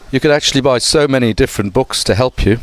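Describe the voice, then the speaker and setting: A man, a teacher, giving an online mini lesson. He talks slowly and carefully, with many hesitant fillers. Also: mid-range voice. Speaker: English teacher.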